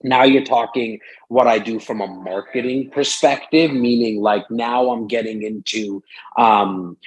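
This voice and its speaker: A man talking as a guest in a casual interview, rambling and animated, with lots of fillers and acted-out quotes. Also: medium pitch, measured pace, slightly rough, poor audio. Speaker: real estate broker and sales strategist. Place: Toronto, Canada.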